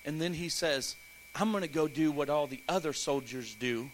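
A man preaching a sermon in church, animated, acting out voices and breaking into playful asides. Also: on the high side, normal speed, a little hiss or hum, poor audio. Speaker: pastor.

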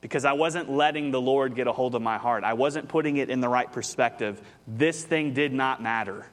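A man's voice: mid-range voice, normal speed. A man, preaching a conversational sermon as pastor, telling a story and rising with animation.

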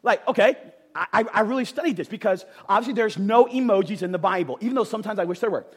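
A man's voice: high voice, quick pace, husky. A man preaching a sermon, talking emphatically with casual jokes and frequent asides to the crowd. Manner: animated, emphatic, jokey, talks to the crowd with "right?".

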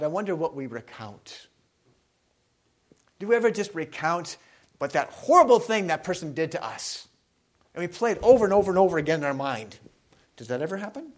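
A pastor with a slightly high voice preaches conversationally to his congregation, repeatedly asking them questions. He moves between loud, emphatic stretches and quiet, reflective ones.

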